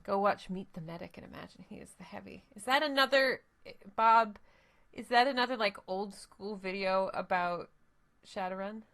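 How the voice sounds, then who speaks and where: A woman's voice: mid-range voice, moderate pace, fairly bright tone. A woman streamer chatting casually to her viewers while playing a game, rambling and thinking aloud. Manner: chatty, rambling, talks to chat. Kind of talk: casual live gameplay commentary.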